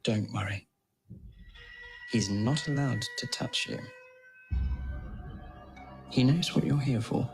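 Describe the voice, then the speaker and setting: An actor playing a calm, controlling captor, speaking in a measured way. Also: male voice, mid-range voice. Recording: film trailer with loud music.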